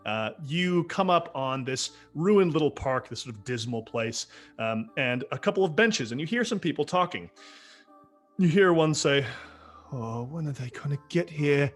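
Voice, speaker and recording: A man's voice: fairly high pitch, expressive, faint music behind. Man narrating a tabletop game. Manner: casual, halting narration with fillers. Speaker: game master.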